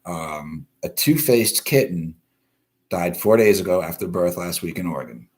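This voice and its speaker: A man's voice: deep voice, expressive, moderate pace, a little mellow. A man hosting a live-stream news show, ranting bluntly and profanely while greeting viewers from the comments. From East Coast of the US. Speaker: livestream news show host.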